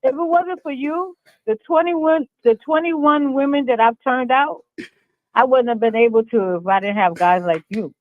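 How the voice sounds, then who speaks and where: A man's voice: very high-pitched, moderate pace, dry recording, narrow, tinny audio. A male podcast guest who talks boastfully and calls the host brother. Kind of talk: casual podcast banter.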